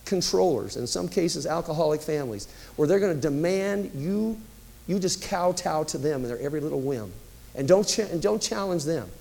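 A man's voice: fairly high pitch, animated, moderate pace, creaky, a little mellow, low-quality recording. A man preaching a sermon as pastor, telling stories in a conversational way with emphatic rises.

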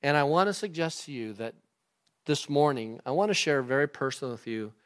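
A man preaching a sermon to his congregation in a lively, animated way, acting out the people in the scripture. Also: mid-range voice, fairly quick, clean tone. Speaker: pastor. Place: church sanctuary.

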